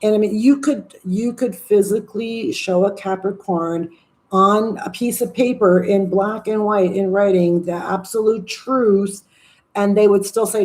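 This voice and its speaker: A woman's voice: mid-range voice, a little slow, darkish tone. A woman in her sixties hosting a live stream, chatting casually and rambling, with some swearing and asides to viewer comments. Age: 60s. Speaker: livestream host.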